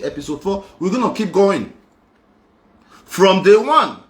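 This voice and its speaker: A man's voice: high voice, fairly bright tone, echoey room. A young man, speaking on a live show in an insistent, repetitive, emphatic monologue. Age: young adult. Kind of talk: emotional personal monologue.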